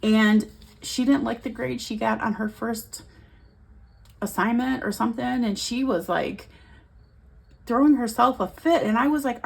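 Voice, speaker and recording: A woman's voice: on the high side, unhurried, gravelly, pauses often, husky. A woman in her forties chatting casually as a budgeting vlogger, counting bills aloud as she talks. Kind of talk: casual chat.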